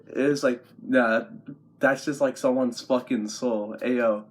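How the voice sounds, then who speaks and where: A man's voice: mid-range voice, takes it slowly, slight background noise. Profane young man rambling through a story. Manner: profane, rambling, laughs often, animated retelling. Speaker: vlogger.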